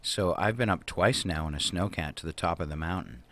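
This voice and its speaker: A man's voice: low voice, a little fast, a bit bright. A man hosting a local radio show, bantering and joking with his co-host. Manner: joking, playful. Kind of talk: casual banter.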